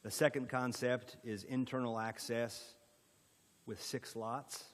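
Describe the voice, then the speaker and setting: A man's voice: mid-range voice, flat delivery, slow pace, big-room sound. A man with an Indiana accent presenting a rezoning proposal at a county planning meeting, in an orderly way with frequent fillers. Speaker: economic development presenter.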